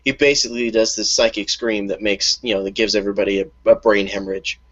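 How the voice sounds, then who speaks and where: A man's voice: on the low side, fairly even intonation, fast, a bit bright. Man, co-host, casual storytelling, enthusiastic, lo-fi audio. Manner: enthusiastic, acts out quotes.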